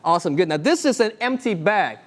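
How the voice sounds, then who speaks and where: Male magician, high voice, very animated delivery, upbeat showman patter for an online show. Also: brisk.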